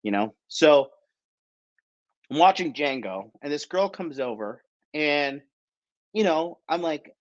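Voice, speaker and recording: A man's voice: on the high side, expressive, slow, pauses often, dull audio. A man from the United States hosts a podcast, telling a rambling story in a blunt, profane way and tagging his sentences with "right?". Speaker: podcast host. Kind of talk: casual storytelling.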